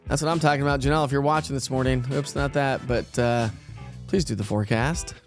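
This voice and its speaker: A man's voice: mid-range voice, steady tone, fast, faint music behind. A man in his thirties hosting a casual morning weather livestream, chatting and rambling with folksy asides. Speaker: weather show host.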